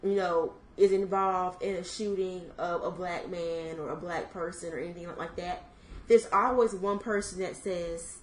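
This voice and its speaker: A young woman in her twenties co-hosting a podcast, thinking out loud in casual chat with lots of fillers. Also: fairly low pitch, fairly even intonation, normal speed, echoey room, a little hiss or hum, poor audio. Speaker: podcast co-host.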